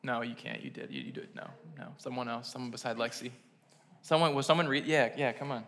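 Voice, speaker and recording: Earnest, casual pastor in a reverberant hall. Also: male voice, mid-range voice, brisk, fairly bright tone, a little hiss or hum. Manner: casual, earnest storytelling with many fillers. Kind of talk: sermon.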